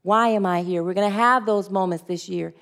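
A woman's voice: mid-range voice, brisk, a bit bright. A woman minister giving a spiritual sermon, earnest and leading the group in spoken affirmations.

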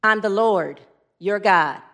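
A woman voicing a calm, commanding, booming male God in a joke told from the pulpit. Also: takes it slowly.

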